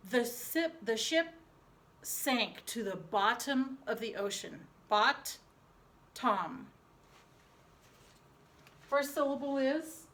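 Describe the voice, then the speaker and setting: A woman teacher dictating a spelling lesson to young pupils, slowly sounding out each syllable. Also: sits high, a bit bright. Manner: slow, deliberate, sounding out syllables. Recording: echoey room.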